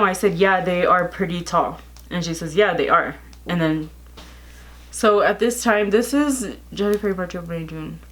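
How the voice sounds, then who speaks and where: A woman in her thirties, a vlogger, retelling a family dispute in casual storytime chat, animated and exasperated, quoting texts aloud. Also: fairly low pitch. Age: 30s.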